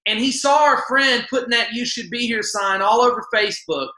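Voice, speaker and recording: A man co-hosting an online sales party in a casual, upbeat pitch, repeating himself for emphasis. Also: normal speed, sharp tone, echoey room, rough recording.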